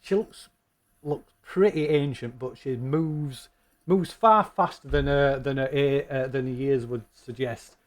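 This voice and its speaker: A man running a tabletop game as game master, narrating in a rambling, halting way. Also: mid-range voice.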